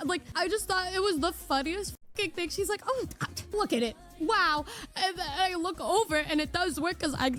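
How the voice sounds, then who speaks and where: A woman streamer telling a funny story with animated energy, swearing and laughing along the way. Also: high-pitched. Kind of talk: casual storytelling.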